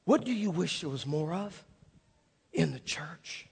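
A pastor preaching a sermon in a church, telling a story with lively, imitated sound effects. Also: male voice, a little high, a little slow, vocal fry, breathy edge. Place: church sanctuary. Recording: long hall reverb.

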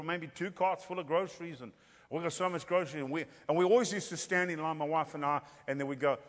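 A man's voice: fairly high pitch, fairly bright tone. A middle-aged man preaching with humour, telling stories and acting out the dialogue. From South Africa. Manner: playful, acts out dialogue, rhetorical "Hello?" asides. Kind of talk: humorous storytelling sermon. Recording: long hall reverb.

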